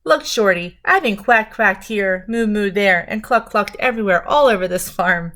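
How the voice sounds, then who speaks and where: A woman voicing a cranky, greedy storybook witch who shrieks and cackles her demands in a raised, higher voice. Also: normal speed, a bit bright, natural voice. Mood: demanding. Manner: shrill screeching and cackling.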